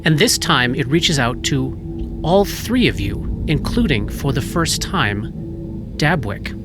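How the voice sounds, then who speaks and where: Slow, dramatic horror game master. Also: medium pitch, lively intonation, music in the background. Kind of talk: narrating a tabletop horror game.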